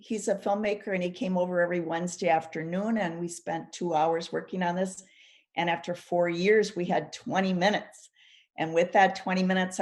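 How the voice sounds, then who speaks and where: A woman from Minnesota, speaking on a panel, reflectively telling the story of how her family history became a film. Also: fairly low pitch. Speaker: documentary subject. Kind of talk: panel discussion.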